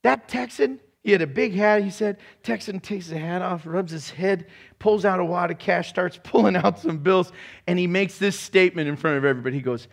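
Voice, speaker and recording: A man preaching a sermon to a room, energetic and animated, breaking into shouts and laughs. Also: high voice, fairly quick, gravelly. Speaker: pastor. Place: church room with congregation.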